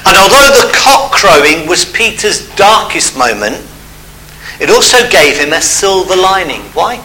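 A man's voice: high voice, big pitch swings, a little slow, sharp tone, low-quality recording. Man, preacher, sermon, acted-out story voices, faint hum behind. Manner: storytelling, acts out the voices of biblical characters.

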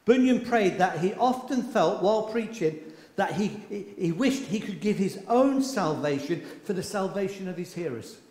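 A man preaching a sermon with passion, swinging from loud outbursts to hushed lines, recorded in a church. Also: high voice, lively intonation, normal speed. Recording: echoey hall with long reverb.

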